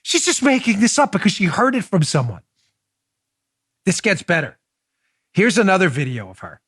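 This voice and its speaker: A man hosting a political talk show, delivering animated, mocking commentary with big swings in his voice. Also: sits high, moderate pace, breathy edge, dry recording, studio quality. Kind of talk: opinionated commentary.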